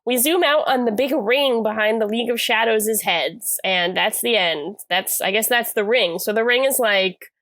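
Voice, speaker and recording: Chatty higher-voiced woman, dry sound. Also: normal speed, hardly any pauses, a bit bright, no room sound. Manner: chatty, rambling, lots of fillers and self-corrections. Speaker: podcast co-host. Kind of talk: casual chat recapping a TV episode.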